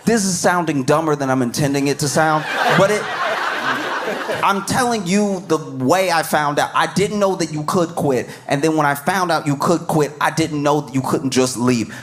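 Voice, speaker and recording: A man's voice: a little high, moderate pace, fairly bright tone. A man doing a stand-up comedy set, riffing with disbelief and repeating his lines for effect.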